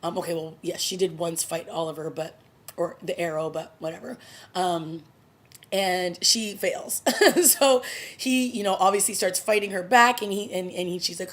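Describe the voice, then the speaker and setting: A woman's voice: fairly low pitch, fairly even intonation, normal speed. A woman casually recapping and reviewing a TV episode, chatty and opinionated, with bits of laughter. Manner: chatty, opinionated, laughs while retelling scenes. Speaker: TV review vlogger.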